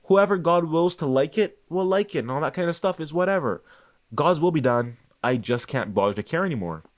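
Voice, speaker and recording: A man's voice: fairly high pitch, lively intonation, a little fast. A man hosting his own channel, talking in a casual, unscripted monologue that rambles, searches for words and restarts often. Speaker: channel host.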